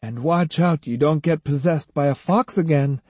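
A man voicing a gentle, caring young woman in an audiobook, speaking softly and earnestly. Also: a little high, moderate pace, no room sound, pitched above the performer's own voice, natural voice. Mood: mild. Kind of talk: audiobook character voice.

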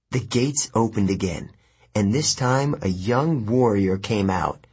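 A man narrating an adventure story in the first person, measured and expressive. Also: fairly low pitch, slightly rough. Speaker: audiobook narrator.

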